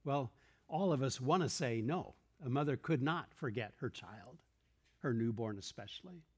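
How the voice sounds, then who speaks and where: A man's voice: a little high, a little mellow, breathy edge. A man preaching a sermon in a church room, earnest and explanatory, posing questions and quoting verses to the congregation.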